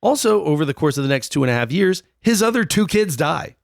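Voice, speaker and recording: A man's voice: a little high, very animated, quick pace, vocal fry, dry recording, studio quality. A young man co-hosting a comedic history podcast, telling the story in a profane, jokey way. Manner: profane, jokey, puts on silly voices. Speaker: podcast co-host.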